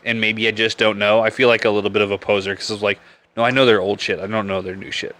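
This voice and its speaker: A man's voice: fairly low pitch, level tone, quick pace, a bit bright. Rambling crude beer-podcast guy. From Nebraska. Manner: rambling, crude and joking, laughs often. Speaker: podcast host. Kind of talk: casual live-stream beer chat.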